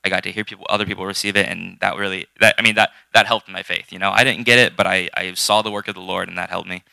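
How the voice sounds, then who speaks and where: A young man tells a personal faith story in an earnest, rambling way, stopping and restarting his sentences. His lowish voice has a gravelly fry, yet it sounds bright and forward. It is smooth and clear. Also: fairly even intonation, fast talker, dry recording. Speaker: youth group member.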